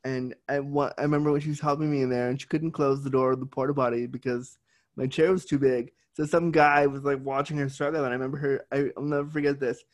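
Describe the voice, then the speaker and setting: A man's voice: medium pitch, little pitch movement, fast talker. A young adult man hosting a casual interview chat, candid and swearing freely. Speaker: podcast host.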